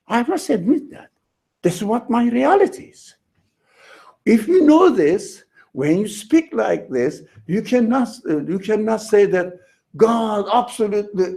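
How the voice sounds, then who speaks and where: A man teaching a class on religion, speaking slowly and emphatically and repeating his key words. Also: sits high, vocal fry, mellow. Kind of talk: lecture to a class.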